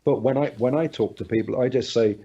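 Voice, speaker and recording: A man's voice: mid-range voice, brisk, mellow, a little hiss or hum. A man, a hypnotist interviewing a guest over a video call, who talks with many restarts and coaxing tag questions. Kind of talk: casual interview chat. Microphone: video call over Skype. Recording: dull video call audio.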